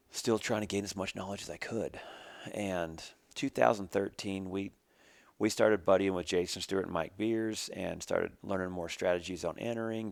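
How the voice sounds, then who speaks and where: A man's voice: sits low, vocal fry, no echo. A middle-aged man from Oregon telling the story of his roping career in a casual, rambling way, full of restarts. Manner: rambling, restarts, plain country talk.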